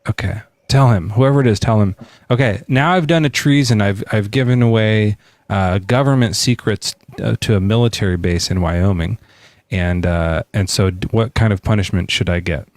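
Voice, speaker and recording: A male podcast host with a lowish voice, recorded dry with no room sound. He improvises freely, jumps between topics, and laughs easily in casual debate. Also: a little mellow, no room sound. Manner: loose, improvising, quick to laugh.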